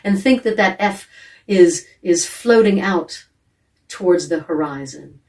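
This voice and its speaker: A woman coaching actors through a vocal warm-up, speaking calmly and gently and demonstrating sighs, yawns and hums. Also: on the low side, takes it slowly, recorded from a distance. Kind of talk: guided vocal warm-up instruction.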